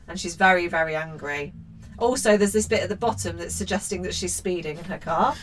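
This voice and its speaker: A woman's voice: lowish voice, brisk, a little hiss or hum, rough recording. A woman co-hosting a podcast, reading a children's book aloud and commenting on it in a sarcastic, sweary, mock-outraged way. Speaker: podcast co-host.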